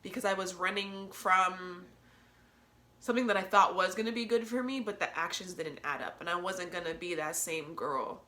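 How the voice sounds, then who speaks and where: Bright-voiced woman hosting a candid podcast. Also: on the low side, normal speed. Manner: emotional, earnest, preachy, laughs often. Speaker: podcast host. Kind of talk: candid solo podcast talk.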